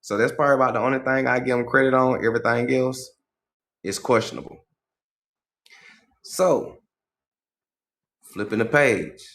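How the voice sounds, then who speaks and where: A man hosting a livestream, reading a book aloud and breaking off into casual, slangy commentary and loud, high exclamations. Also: moderate pace, pauses often. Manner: casual, slangy asides between read passages. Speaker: livestream host.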